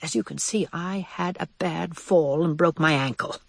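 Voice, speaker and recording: A reader voicing an old male white mouse with a limp, cordial and measured in how he speaks. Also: mid-range voice, creaky, slightly rough, no echo, clean studio sound. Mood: kindly.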